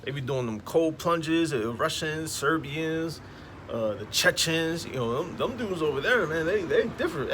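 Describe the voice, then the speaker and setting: A man's voice: fairly high pitch, lively intonation, normal speed, a bit bright. A man street preaching in a slangy, emphatic way, peppering his talk with "man, all right?" outdoors beside passing traffic.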